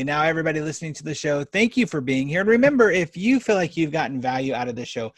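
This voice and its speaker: A man hosting a business podcast interview, talking in an energetic, animated way and telling stories. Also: medium pitch, no echo. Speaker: podcast host.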